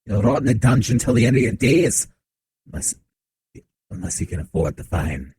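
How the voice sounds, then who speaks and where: A man voicing a gruff, corrupt guard captain while reading game dialogue aloud, barking orders in a menacing way. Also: on the low side, expressive, moderate pace, a little mellow, a little hiss or hum, natural voice. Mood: stern.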